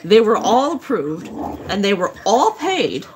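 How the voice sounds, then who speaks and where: A woman's voice: mid-range voice, very animated, unhurried, slight background noise. A woman ranting angrily and with a lot of swearing about a job mix-up, talking casually while she works. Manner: angry, profane ranting. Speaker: craft vlogger. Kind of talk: casual rant while working.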